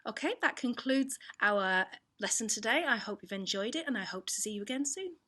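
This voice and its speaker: A woman teaching an online drama lesson, explaining clearly and demonstrating examples with her voice. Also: fairly high pitch, animated, a little fast, pushed and bright. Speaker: performing arts teacher.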